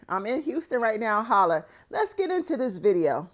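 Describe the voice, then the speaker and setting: A woman vlogger talking straight to her viewers like a big sister, frank and heavy with swearing, getting loud and heated when she stresses a warning. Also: medium pitch, very animated, normal speed. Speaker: vlogger and support group organizer. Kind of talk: blunt advice talk to viewers.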